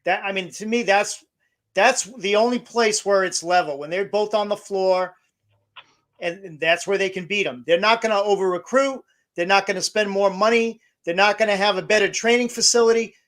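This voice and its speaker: A man's voice: high-pitched, normal speed, fairly bright tone. A man co-hosting a casual sports podcast, talking in a rambling way with many fillers and restarts. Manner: rambling, filler-heavy, starts over mid-phrase. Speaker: podcast co-host.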